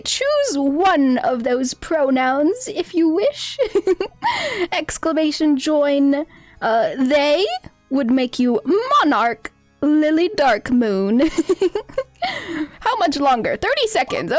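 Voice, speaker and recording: Giggly woman streamer, high and lively. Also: dry recording. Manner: giggly, laughs constantly between lines; upbeat, playful reactions to the game. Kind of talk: casual live-stream chat with viewers.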